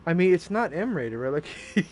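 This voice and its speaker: A man streaming a game live, chatting casually with crude jokes and rambling asides, with loud game music behind. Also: on the high side, very animated, normal speed.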